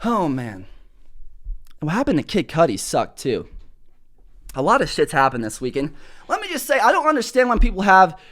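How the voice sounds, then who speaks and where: Loud, animated male podcast host. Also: high-pitched, normal speed, pauses often. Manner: loud, prominent voice that carries; animated storytelling with cursing. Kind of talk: comedic monologue. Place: studio.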